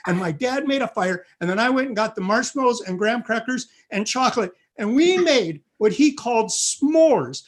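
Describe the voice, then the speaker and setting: A middle-aged man telling a funny family story on stage, animated and acting out the voices. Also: very high-pitched. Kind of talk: live comic storytelling.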